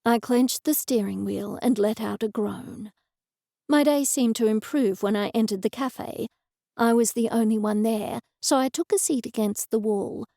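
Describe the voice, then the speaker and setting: A woman narrating a cozy mystery audiobook in the first person, with even, measured storytelling. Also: on the high side, vocal fry, no echo, studio quality.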